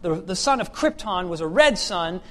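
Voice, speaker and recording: A man's voice: sits high, expressive, moderate pace. A man preaching a sermon after a scripture reading, chatty with fillers and restarts, building to emphatic questions.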